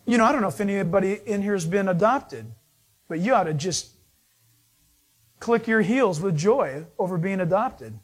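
Guy with a pretty high voice giving a laid-back sermon, rambly storyteller. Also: expressive, normal speed, slightly rough. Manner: chatty storytelling with frequent restarts. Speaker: pastor. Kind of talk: conversational sermon.

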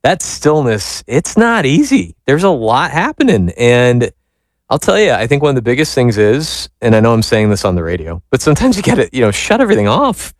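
A man's voice: medium pitch, sing-song, a little fast, dry recording. A man who is a priest talks earnestly with a caller on a radio show. His speech is easy and conversational. The sound is dry and close. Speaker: priest, spiritual director. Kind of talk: radio guest talk.

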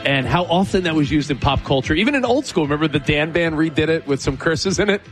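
Animated radio co-host, slightly high, lively pitch, faint music behind. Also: male voice. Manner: animated, quick to laugh. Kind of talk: casual radio banter.

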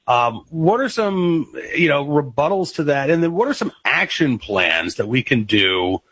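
A man's voice: on the high side, very animated, measured pace, fairly bright tone, slightly rough. A man hosting a radio talk show, interviewing a guest and asking questions with many fillers and repeats.

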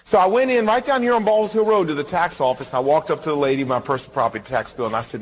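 A man's voice: on the high side, quick pace, few pauses, husky, big-room sound. A man preaching a sermon as pastor, telling a personal story and acting out both sides of the conversation.

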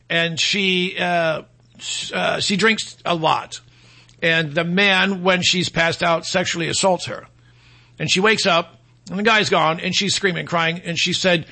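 A man's voice: sits high, fairly even intonation, unhurried, gravelly, pushed and bright. A man hosting a talk show, delivering a combative opinion monologue in a mocking tone and mimicking his opponents in quoted voices. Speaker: radio talk show host.

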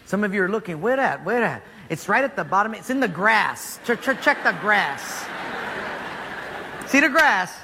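A male pastor preaching a sermon, telling the story with animated jokes. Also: high voice, normal speed, big-room sound, noisy background.

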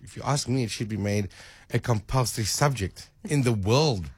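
Husky man hosting. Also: medium pitch, moderate pace, dry recording, clean studio sound. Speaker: radio host. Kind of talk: casual radio chat.

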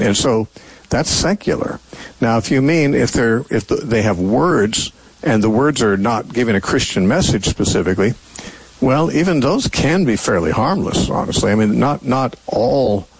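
An older man hosts a call-in Bible show, talking his answers through at length with plenty of "uh" and restarts. His voice is husky, and it sits close and dry with no room sound. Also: mid-range voice, dry recording, rough recording. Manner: thoughtful, rambling explanations with many fillers and restarts. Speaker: call-in radio Bible teacher host. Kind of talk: call-in radio answering callers.

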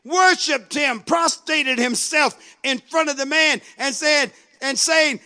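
A man preaching a sermon, emphatic, shouting at high points and repeating asides to the congregation. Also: takes it slowly, few pauses.

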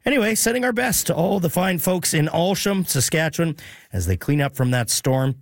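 A man's voice: fairly high pitch, lively intonation, brisk, dry recording, studio quality. A man hosting a radio show, talking casually and chatting with frequent fillers. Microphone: studio microphone.

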